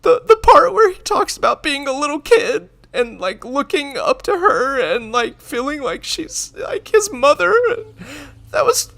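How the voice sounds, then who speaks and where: A man imitating a woman sobbing and wailing in a high squeaky voice while retelling a TV scene. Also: huge pitch swings, measured pace, creaky, pushed and bright, full character voice. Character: sobbing office woman, overwhelmed.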